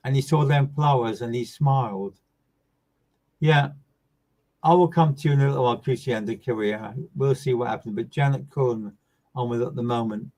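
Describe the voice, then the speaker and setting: A mid-pitched man reads for viewers as a medium on a live online session. His delivery is gentle and soothing, full of repetition, and his phrases often fade away quietly. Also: moderate pace, low-quality recording. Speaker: psychic medium giving live readings.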